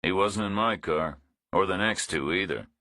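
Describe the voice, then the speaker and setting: A male narrator playing a big, laconic drifter who talks in a calm, dry, matter-of-fact way. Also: low-pitched, normal speed, no echo.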